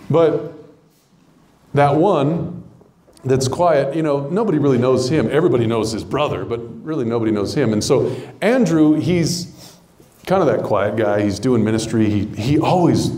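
Male preacher with a mellow tone and animated delivery, acts out characters, echoey room. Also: mid-range voice. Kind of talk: conversational sermon. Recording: roomy echo.

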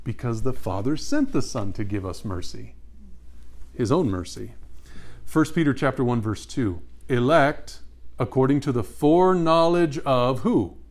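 A man's voice: medium pitch, expressive, measured pace, a little mellow. Man teaching a Bible study. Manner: emphatic, asks the audience questions and repeats answers.

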